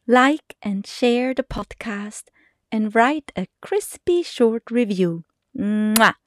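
A middle-aged woman hosting a podcast, telling a personal story expressively, laughing often and dropping to hushed whispers. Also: on the high side, lively intonation, takes it slowly, no room sound. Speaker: podcast host.

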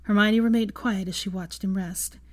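A woman reading a fan fiction story aloud in a calm, even storytelling manner. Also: mid-range voice, normal speed. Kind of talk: storybook narration.

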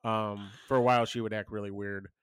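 A man in his thirties co-hosting a casual chat podcast, telling stories in a rambling, animated way with many restarts. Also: on the low side, fairly quick, clean tone, no room sound, clean studio sound. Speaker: podcast co-host.

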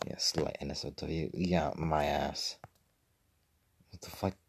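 A man's voice: very deep voice, fairly even intonation, takes it slowly, creaky, slight background noise. A young man rambling casually and profanely on a livestream, with mumbled asides. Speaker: streamer.

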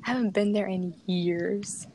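A teenage girl chatting casually and telling a story, animated and giggly, laughing often. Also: medium pitch, measured pace, very noisy. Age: teens. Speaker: podcast co-host.

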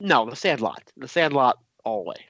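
A man chats on a podcast through a video call, deadpan and measured with dry jokes. His mid-pitched voice comes through a dull, lo-fi line without any room sound. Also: no room sound. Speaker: podcast co-host. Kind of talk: casual podcast chat.

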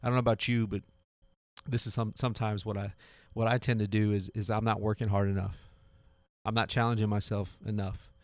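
A man's voice: lowish voice, little pitch movement, a little fast, no echo. A man in his thirties hosting a podcast, talking in a casual, earnest motivational monologue with many restarts. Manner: earnest, repeats himself, restarts often. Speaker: podcast host. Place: home garage.

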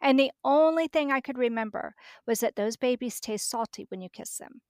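A woman's voice: on the high side, fairly quick, a little mellow, no room sound, clean studio sound. A middle-aged woman, a podcast guest, telling a personal story vividly and acting out the dialogue.

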